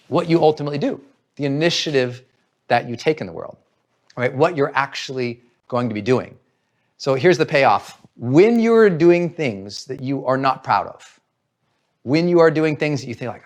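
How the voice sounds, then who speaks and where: A man's voice: on the high side, animated, normal speed. Earnest man giving a motivational talk. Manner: earnest, coaching, acts out inner voices. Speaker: motivational speaker.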